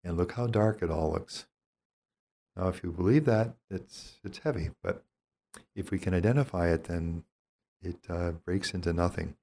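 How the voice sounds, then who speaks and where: Gentle and thoughtful, an older male priest shares spiritual teaching with a calm, reflective air. His voice sits very low and deep, and he frequently pauses mid-thought while carefully measuring his words.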